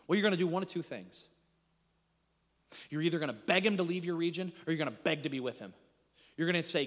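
Dramatic preacher with hall reverb. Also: male voice, high voice. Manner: dramatic, acts out voices in retelling, drops to hushed intensity. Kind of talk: sermon.

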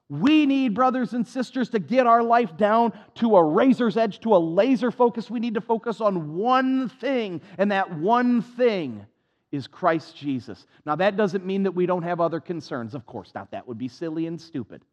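High-voiced pastor preaching with passion. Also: male voice, animated, moderate pace, long reverb tail. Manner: impassioned, repetitive, self-deprecating. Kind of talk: sermon. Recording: dull lo-fi.

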